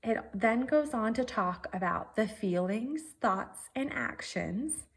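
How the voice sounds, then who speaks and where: A woman's voice: a little high, lively intonation, takes it slowly, creaky, breathy edge. A woman teacher giving a virtual writing lesson, working through her draft methodically and thinking aloud step by step.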